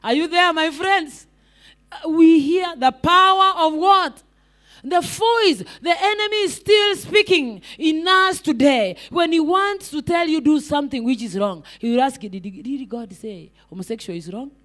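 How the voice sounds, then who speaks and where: A woman's voice: very high voice, expressive, unhurried, fairly bright tone. A woman evangelist preaching a sermon, repeating rhetorical questions and calling out to the congregation.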